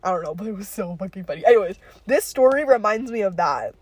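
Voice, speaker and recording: A woman's voice: mid-range voice, expressive, fast, darkish tone, slightly rough, no room sound. A young woman hosting a podcast, telling a story in a rambling, profane way, full of fillers. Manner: rambling, profane, filler-heavy with frequent likes. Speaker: podcast host. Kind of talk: casual storytelling chat.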